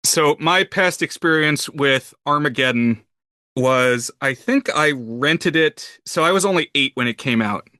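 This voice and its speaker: A man's voice: a little high, lively intonation, a little slow, bright, forceful tone, no echo, clean studio sound. A man in his thirties co-hosting a film podcast, chatty and teasing, with hesitant restarts. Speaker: podcast co-host. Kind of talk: casual film podcast chat.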